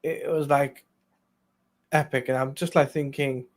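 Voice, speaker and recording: A man joining a casual movie discussion as co-host, speaking hesitantly with many fillers and pauses. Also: mid-range voice, steady tone.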